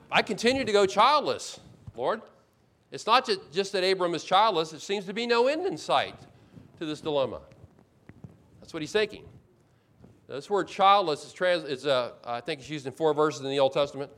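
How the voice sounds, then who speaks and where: Male pastor, sermon delivery, fairly high voice, emphatic and repetitive, slips into first-person asides. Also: expressive, brisk, a bit bright. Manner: expository preaching with emphatic repetition; acts out the speaker's complaints in first person.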